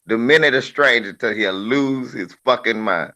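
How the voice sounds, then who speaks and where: A man's voice: mid-range voice, normal speed, lo-fi sound. A middle-aged man in a casual chat, swearing freely and laughing as he tells stories about his kids. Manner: profane, laughing, animated storyteller.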